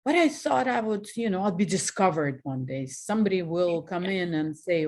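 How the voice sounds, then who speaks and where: A woman in her forties from Russia with a Russian accent, telling frank personal stories as a guest, animated and laughing at herself. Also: on the low side, moderate pace, hardly any pauses. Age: 40s. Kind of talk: candid personal storytelling.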